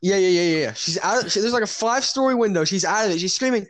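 A man's voice: high voice, fast talker, few pauses, fairly bright tone, no room sound. A teenage young man in a casual chat with friends, rambling and hesitant, often laughing. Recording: faint background noise.

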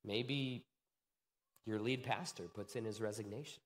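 A man preaching a sermon, swinging from hushed, low moments to excited outbursts. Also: unhurried. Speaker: pastor.

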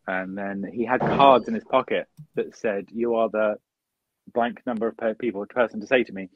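A man's voice: on the low side, steady tone, normal speed, muffled recording. A man guesting on a podcast, telling stories in casual chat with dry humor and acted-out quoted lines.

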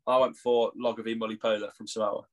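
A man's voice: on the low side, little pitch movement, quick pace. Jokey young Englishman, podcast chat. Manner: jokey, laughs often. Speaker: podcast co-host. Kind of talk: casual chat.

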